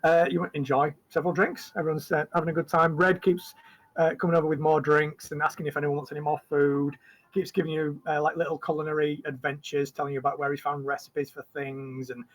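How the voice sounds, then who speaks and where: A man running a tabletop game as game master. His voice sits a little high, and he narrates in a loose, rambling way with lots of fillers and restarts. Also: flat delivery, a little fast, low-quality recording.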